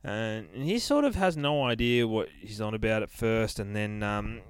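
A man's voice: on the low side, animated, normal speed, clear, resonant tone. A man hosting a podcast, recapping a comic in a loose, profane, rambling way with lots of fillers. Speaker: podcast host reviewing a comic.

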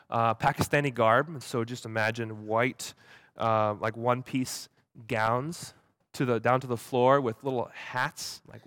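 A man's voice: medium pitch, fairly bright tone, dry recording. Young guy telling a church story, keeps tripping over his words, dry close sound. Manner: halting, many repeated words; acts out quoted voices animatedly. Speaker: speaker at a church gathering. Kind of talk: storytelling talk.

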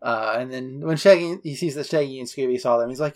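A man co-hosting a podcast, casually recapping a movie plot in a relaxed, chatty way with filler words. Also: mid-range voice, fast talker. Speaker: podcast co-host.

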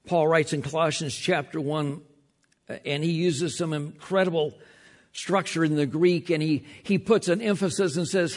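Man, pastor, sermon, slightly high voice, emphatic, hushed key lines, repeats words. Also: fairly even intonation. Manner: emphatic, slows and drops to a hush on key lines.

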